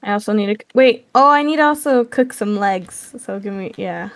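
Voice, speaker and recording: A woman playing a survival game with friends, matter-of-fact with quick reactions. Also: medium pitch, dry recording. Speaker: co-op player. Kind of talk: casual gameplay chat.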